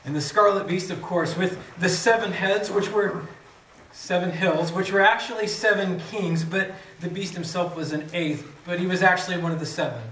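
Man with a high voice reading scripture dramatically, echoey room, mic a bit far off. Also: normal speed, slight background noise. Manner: dramatic reading, rising loud on quoted cries. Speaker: preacher.

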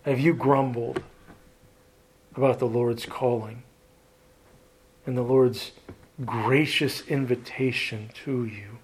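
A man preaching a sermon in a slow, deliberate way, asking his listeners direct questions and letting his phrases trail off softly. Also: mid-range voice, steady tone, breathy edge.

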